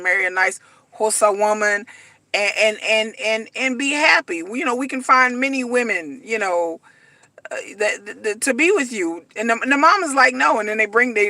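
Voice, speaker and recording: A woman ranting casually to her viewers about a reality show, acting out the people she talks about in an animated way. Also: medium pitch, no room sound. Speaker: reality TV commentator.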